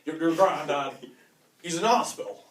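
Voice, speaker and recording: A man's voice: on the high side, lively intonation, moderate pace, a little hiss or hum, natural voice. A man putting on a Bristolian dad who patiently talks his son through things, in an echoey room heard from a distance.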